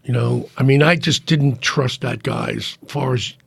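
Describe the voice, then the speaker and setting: A man's voice: medium pitch, steady tone, unhurried, creaky, husky, dry recording. A middle-aged man, a podcast guest, talking in casual conversation and rambling with many restarts. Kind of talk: casual chat.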